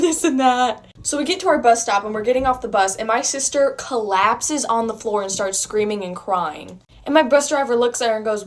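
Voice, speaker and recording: A woman's voice: fairly high pitch, brisk. A young woman casually telling a funny personal story, chatty and full of fillers. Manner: chatty, uses many fillers, laughs while telling.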